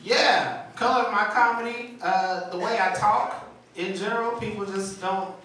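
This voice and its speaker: A man doing a stand-up comedy set, telling stories in an animated, laughing way with voiced impressions, on a small studio stage. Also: high voice, moderate pace. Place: small TV studio with a live audience. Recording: echoey room from far off with a loud crowd.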